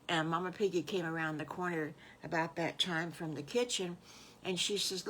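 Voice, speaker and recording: An older woman with a Southern US accent telling her own made-up story in a homey, folksy, unhurried way. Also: lowish voice, fairly even intonation, fairly bright tone, slight background noise. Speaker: storyteller grandmother. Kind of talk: improvised bedtime storytelling.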